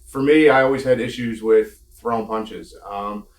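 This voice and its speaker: A man's voice: mid-range voice, moderate pace. A former pro wrestler telling candid, laughing stories from his career in a casual interview, swearing now and then. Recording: echoey room.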